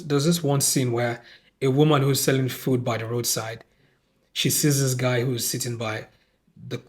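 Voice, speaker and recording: A man with a Nigerian accent hosting a podcast, giving a casual, exasperated film review and acting out lines from the film. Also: medium pitch. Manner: animated, exasperated, acts out quoted lines.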